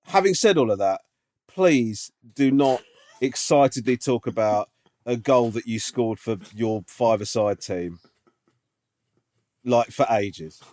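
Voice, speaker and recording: A man's voice: mid-range voice, expressive, slow, darkish tone, dry recording. A man co-hosting a casual advice podcast, dry and teasing, reading listener emails aloud and giving his view. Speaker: podcast co-host. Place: remote call.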